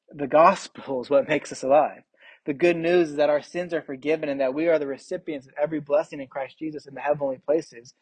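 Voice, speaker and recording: A man with a fairly high voice, preaching to a small evening group in a measured, earnest way. His words come across dry and close, with no room echo. He moves from a sermon into prayer and then into easy questions and answers. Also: husky. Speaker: pastor leading a Bible study.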